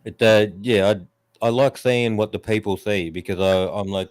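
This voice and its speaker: A man's voice: lowish voice, fairly even intonation, normal speed, slight background noise. A man, ranting bluntly and profanely in a casual stream chat. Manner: mocks others in raised put-on voices.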